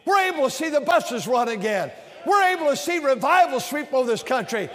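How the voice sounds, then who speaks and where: A man's voice: extremely high pitch, sing-song, brisk, long reverb tail. A man preaching an emphatic sermon as a Baptist preacher, leading his congregation in call-and-response. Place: large church with balcony and bleachers.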